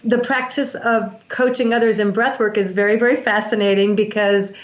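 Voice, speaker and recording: A woman who works as a breathwork practitioner, explaining in a calm, measured way with frequent restarts. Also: medium pitch, roomy sound, dull audio. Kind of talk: explanatory interview talk.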